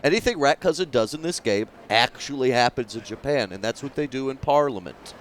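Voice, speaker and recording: A man's voice: medium pitch, animated, fairly quick, a little hiss or hum. A young man streaming a video game, joking crudely and rambling in casual commentary.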